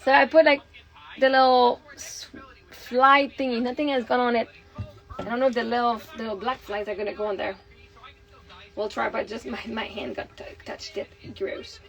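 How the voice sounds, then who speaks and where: A woman's voice: fairly high pitch, fairly even intonation, moderate pace, vocal fry, a bit bright, low-quality recording. A woman, a mother, chatting casually to the camera at home in a rambling way with lots of fillers. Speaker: mother and vlogger. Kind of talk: casual home vlog chat. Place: home kitchen.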